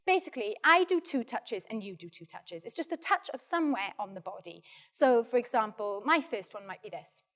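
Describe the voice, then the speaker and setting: A Welsh woman leads a drama workshop, explaining and demonstrating warm-up exercises in a clear, encouraging way. Her voice sits a little high, and she talks with practical directness. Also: lively intonation, fairly quick, few pauses. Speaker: actor leading a drama workshop. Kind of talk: practical teaching, giving instructions.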